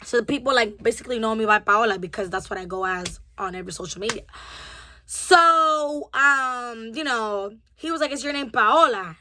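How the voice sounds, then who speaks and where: A young woman in her twenties telling a story-time vlog in a lively way, acting out both sides of the conversation. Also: on the high side, moderate pace, slight background noise. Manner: animated, acts out both sides of the dialogue with a rising temper. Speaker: vlogger.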